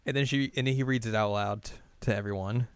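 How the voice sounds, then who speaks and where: A man co-hosting a podcast, casually recapping a film in a rambling, animated way and acting out the characters' lines. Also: on the low side, a little fast, clean tone, dry recording. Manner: rambling, animated retelling with acted-out quotes. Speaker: podcast co-host.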